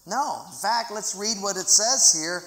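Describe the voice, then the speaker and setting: In an echoey hall with long reverb, a pastor preaches dramatically to a large church auditorium and leads a congregational scripture reading. His mid-range voice is a bit bright and measured in pace.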